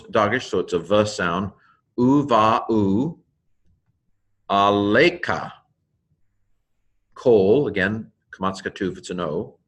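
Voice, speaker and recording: Slow, low-voiced man sounding out words. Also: fairly bright tone. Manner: thinks aloud, sounds out words syllable by syllable; many fillers and self-corrections. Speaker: Hebrew teacher. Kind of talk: informal pronunciation walkthrough.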